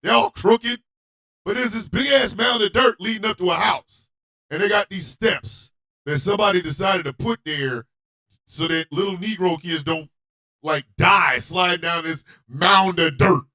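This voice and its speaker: A man hosting a radio show, telling a comedic story in a loud, animated, profane way and often shouting. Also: high-pitched, a little slow.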